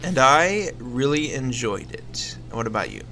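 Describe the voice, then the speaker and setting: A young man co-hosts a relaxed comedy podcast about movies. He talks slowly and hesitantly, leaning on ums and small pauses. A faint hiss runs under the voice. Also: mid-range voice. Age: young adult. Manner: slow, hesitant, full of ums. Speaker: podcast co-host. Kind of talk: casual comedic film chat.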